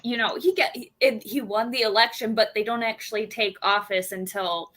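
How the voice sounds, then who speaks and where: A woman's voice: on the high side, fairly even intonation, normal speed, a bit bright. A woman chatting casually on a livestream, rambling with lots of fillers.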